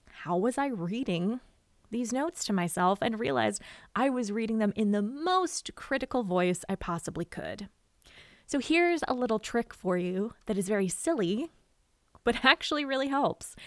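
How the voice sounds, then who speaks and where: A woman giving casual writing advice to camera, expressive and chatty, often acting out quotes. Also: medium pitch, no echo. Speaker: writer and vlogger.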